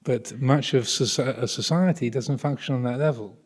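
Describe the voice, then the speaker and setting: A Buddhist monastic teacher giving a thoughtful, hesitant Dharma talk with many restarts, in a monastery hall. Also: male voice, medium pitch, normal speed, slightly rough. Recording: reverberant hall recording.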